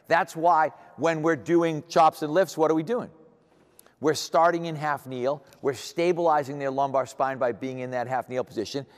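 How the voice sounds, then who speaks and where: A man's voice: on the high side, fairly even intonation, moderate pace. A man in his sixties giving a seminar lecture as a strength coach, blunt and emphatic, asking rhetorical questions. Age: 60s. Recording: echoey hall reverb.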